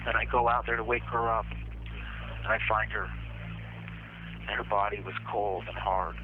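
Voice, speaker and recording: A man in a phone interview from jail, recounting events in a plain, halting first-person way. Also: lowish voice, level tone, narrow, tinny audio. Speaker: jailed murder suspect.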